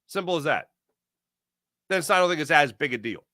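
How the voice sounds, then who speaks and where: A man hosts a sports podcast in a lively, opinionated monologue. His pitch jumps around a lot, and his tone is bright and forceful. The sound is dry and close, with no room around it. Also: a little fast, no echo. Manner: animated, opinionated, acts out quoted voices. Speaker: podcast host. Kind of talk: casual sports talk monologue.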